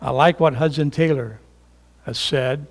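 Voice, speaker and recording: An older male pastor delivering a sermon at an unhurried, measured pace. His voice sits a little higher than most men's. He builds to fervent, emphatic climaxes and then drops to soft, hushed phrases. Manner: slow and emphatic, rising to fervent peaks then dropping to hushed tones.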